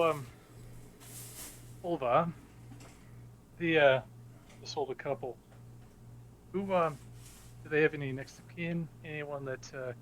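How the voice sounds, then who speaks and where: A man playing a tabletop game, his voice bright, sharp and fairly high. He talks casually and energetically. Faint hiss behind him. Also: low-quality recording. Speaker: player.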